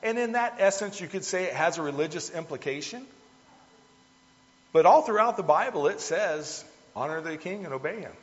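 Man, preacher, folksy conversational sermon, slightly high voice, long hall reverb, muffled lo-fi sound. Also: expressive, moderate pace.

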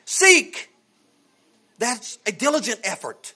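A man preaching with a very high, lively voice that leaps up and down. His tone is bright and forceful. He delivers a fervent sermon, swinging from shouts to near-hushed confessions and full of folksy rhetorical questions. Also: unhurried, long pauses. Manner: impassioned, swings between shouting and hushed tones. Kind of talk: evangelical sermon.

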